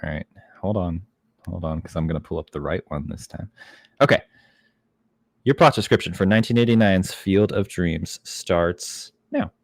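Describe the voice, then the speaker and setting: A young man co-hosting a podcast, chatting casually and filling pauses with ums. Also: deep voice, vocal fry, no echo, studio quality. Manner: relaxed, chatty, frequent ums. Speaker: podcast co-host. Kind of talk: casual chat.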